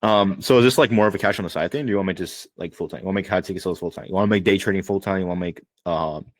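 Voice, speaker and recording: A man's voice: low voice, racing, no echo, clean studio sound. A man coaching sales calls over a video call, talking in a loose, rambling, profane way with many fillers. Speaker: sales trainer.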